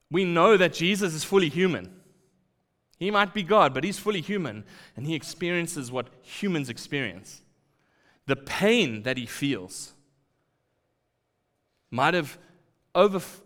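A man preaching a sermon, acting out quoted lines and dropping to quiet asides. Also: on the high side. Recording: long hall reverb.

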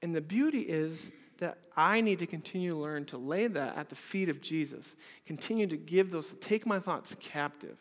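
High-voiced earnest preaching man. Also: moderate pace, few pauses. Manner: earnest, many rhetorical questions, swings from loud to hushed. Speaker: pastor. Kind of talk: sermon. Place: church service. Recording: reverberant hall.

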